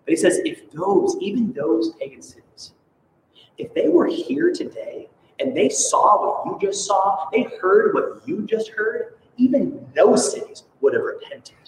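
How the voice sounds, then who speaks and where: A man from Alaska preaches with animated energy, dropping in playful, sarcastic asides. His voice sits high for a man. He is heard from some distance in a long-reverberating church hall with a faint rumble underneath. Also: unhurried. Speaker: pastor. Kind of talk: sermon. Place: church sanctuary. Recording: echoey hall, from far off.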